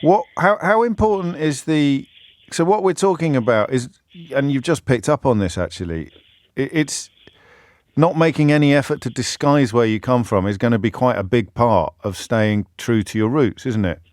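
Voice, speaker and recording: A man hosting a radio phone-in, talking quickly and emphatically and cutting in on his callers. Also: mid-range voice, animated, a little mellow, no room sound. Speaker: radio talk show host.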